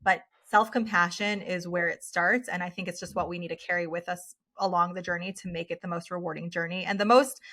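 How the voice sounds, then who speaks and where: Woman, 30s, guest psychologist. Lowish, bright voice. Earnest, filler-heavy conversational delivery. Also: fairly even intonation, brisk, hardly any pauses. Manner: earnest, with many "like" and "you know" fillers. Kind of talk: casual interview conversation.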